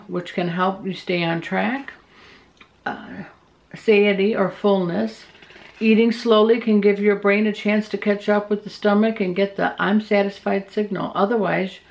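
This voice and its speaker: A woman's voice: mid-range voice, gravelly, darkish tone, muffled recording. A middle-aged woman chatting casually, reading out diet tips and then rambling emotionally about a meeting. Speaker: vlogger recapping a weight-loss meeting.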